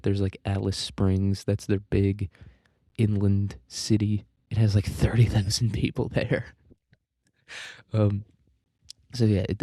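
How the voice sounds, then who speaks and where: A man's voice: on the low side, mellow, no echo, studio quality. A man hosting a casual solo podcast, rambling offhand with crude jokes, fillers and restarts. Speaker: podcast host.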